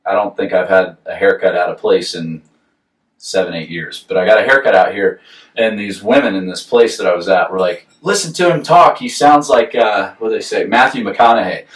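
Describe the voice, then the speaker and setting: A man's voice: deep voice, steady tone, fairly quick. Laughing Southern man telling a story. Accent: Southern American. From Southern United States. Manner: rambling storyteller, laughs often. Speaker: podcast co-host. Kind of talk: casual chat. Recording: roomy echo, far from the mic.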